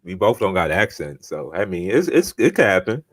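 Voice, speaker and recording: Young man, low voice, dry close sound, relaxed podcast talk. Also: normal speed, no echo, distant mic. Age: young adult. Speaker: podcast co-host. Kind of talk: casual chat.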